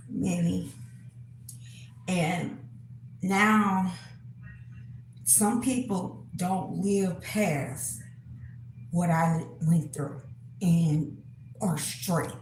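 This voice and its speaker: A woman talks unhurriedly to her viewers, stopping often, filling gaps with fillers and clearing her throat. Her voice sits a little low. The room around her rings with echo, and a faint hiss of ambience lies underneath. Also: darkish tone. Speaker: spiritual reader, channel host. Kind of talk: casual monologue to camera.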